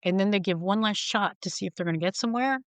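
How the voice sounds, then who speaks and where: This podcast guest, a middle-aged woman, talks fast in a smooth, medium-pitched voice, recorded dry. She tells frank, wry stories in a candid conversation, performing the voices of those she quotes.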